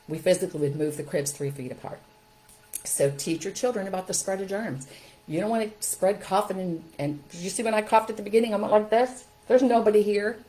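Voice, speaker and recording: A middle-aged woman hosting a casual how-to talk, upbeat and practical, often checking in with a quick "okay?". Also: medium pitch, darkish tone, rough recording. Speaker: host.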